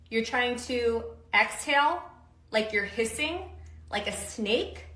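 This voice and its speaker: A woman's voice: medium pitch, a bit bright, echoey room, low-quality recording. A woman strength coach giving upbeat, casual instructions with slang and countdowns for kettlebell lifts.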